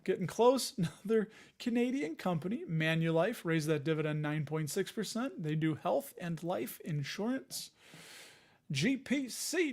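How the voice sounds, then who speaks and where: A man's voice: on the high side, a little mellow. A man hosting a casual investing livestream, running through news with jokey asides. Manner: chatty, jokey asides while reading news items. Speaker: host of a dividend investing show.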